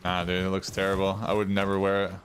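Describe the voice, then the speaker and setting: A man's voice: low voice, monotone, fast, a little hiss or hum. A young man giving casual gameplay commentary as a streamer, blunt, opinionated and rambling. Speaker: gaming streamer. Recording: game sounds clearly behind.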